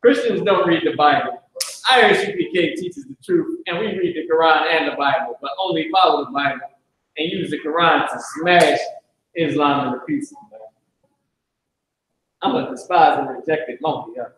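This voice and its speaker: A man with a fairly high voice teaches a class in a loose, slangy way, blunt and profane and prone to side remarks. His voice rings around a hard classroom with strong echo. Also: normal speed, fairly bright tone. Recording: very echoey room.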